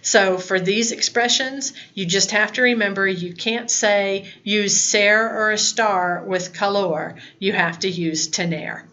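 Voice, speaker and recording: A woman's voice: medium pitch, unhurried, hardly any pauses, sharp tone, muffled recording. A woman in her fifties teaching a recorded Spanish lesson, plain-spoken and chatty, with asides. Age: 50s.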